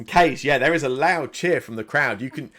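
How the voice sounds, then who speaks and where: A man's voice: medium pitch, normal speed, pushed and bright. A man narrating as game master of a tabletop game, rambling and restarting with many fillers.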